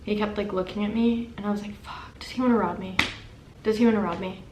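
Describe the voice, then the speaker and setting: A young woman vlogger telling a story in casual, animated, self-deprecating chat. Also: medium pitch, fast talker, noisy background. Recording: echoey room with faint ambience.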